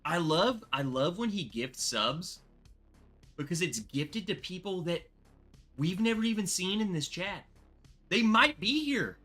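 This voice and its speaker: A man hosting a casual bourbon livestream, excitable and rambling, thanking viewers by name. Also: sits high, a little slow, soft background music.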